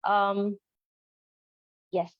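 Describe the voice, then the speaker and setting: A woman gives an educational talk, explaining her points earnestly and pausing often on ums and uhs. Her voice sits at a middling pitch. The recording is dull and lo-fi, with a dry, close sound. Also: little pitch movement, clear, resonant tone, no echo. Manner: earnest, explanatory, many fillers. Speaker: presenter on storytelling for autistic children.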